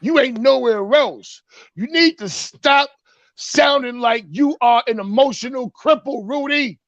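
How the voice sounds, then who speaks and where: A man's voice: very high voice, a little slow, fairly bright tone, no echo, dull audio. A man doing a comedic sports rant segment, mocking and punchy, with a repeated catchphrase. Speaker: sports talk segment host.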